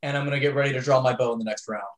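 A man playing a tabletop game, describing his character's moves in a relaxed, casual way. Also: medium pitch, racing, low-quality recording. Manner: relaxed, laid-back, lots of fillers. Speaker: player.

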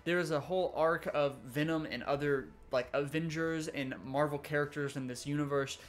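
A young man giving a rambling, exasperated casual review of an animated series, full of fillers. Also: fairly high pitch, normal speed. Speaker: YouTube reviewer.

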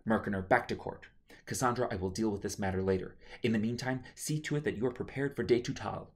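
A woman's voice: a bass voice, quick pace. A man reading his own novel aloud, voicing a stern queen mother who scolds her children in a harsh tone. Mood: commanding. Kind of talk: audiobook narration.

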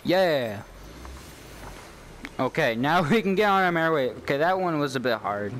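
A young man giving let's-play commentary on a game he has waited for, excitable and cheering on his character. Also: fairly high pitch, moderate pace, a little hiss or hum. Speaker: YouTube gamer.

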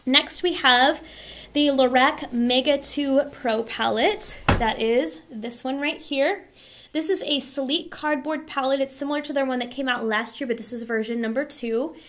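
Hoarse, enthusiastic woman vlogger. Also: high-pitched, measured pace, fairly bright tone, a little hiss or hum. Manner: enthusiastic, chatty. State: hoarse, losing her voice. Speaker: beauty vlogger. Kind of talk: product review vlog.

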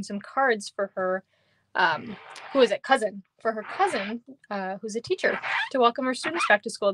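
Streaming a card-making demo live from an air-conditioned basement, a young woman from Minnesota reads out viewer comments in a chatty, upbeat way while sounding somewhat tired. Her voice is a little high, and there is background noise.

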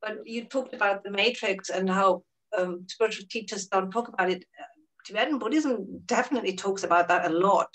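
Woman, therapist-teacher, calm explainer, medium pitch, slightly off-mic. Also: a little fast, recorded from a distance, poor audio. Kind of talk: interview answers.

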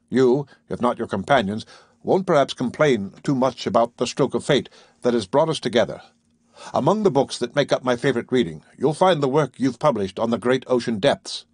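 A man's voice: medium pitch, slightly rough, no room sound, clean studio sound. A man voicing a stern, secretive male submarine captain who speaks coldly and formally, in an audiobook reading. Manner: measured, commanding, coldly formal.

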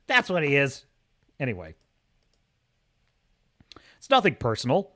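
A man's voice: high voice, expressive, measured pace, sharp tone. A man hosting a livestream, giving opinionated, emphatic commentary and often repeating himself for stress. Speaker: host of a streaming show.

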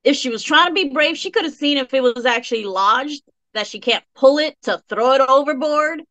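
High-voiced woman guest, slightly distant. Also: moderate pace, pushed and bright. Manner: questioning, skeptical, conversational. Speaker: guest co-host. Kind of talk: casual podcast chat.

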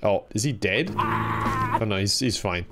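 A young man in his twenties with an Irish accent, giving playful let's-play commentary with quick reactions and frequent laughter. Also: mid-range voice, wildly swooping pitch, heavy background noise. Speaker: gaming video host.

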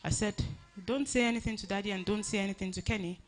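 A woman giving a personal tribute at a funeral service, telling her story earnestly with many halting restarts. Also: mid-range voice, steady tone, soft background music.

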